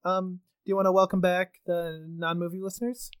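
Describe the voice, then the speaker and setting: High-pitched guy cohosting a podcast, chill and kinda dry humored. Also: flat delivery, a little fast, clear, resonant tone, dry recording. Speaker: podcast co-host. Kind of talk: casual chat.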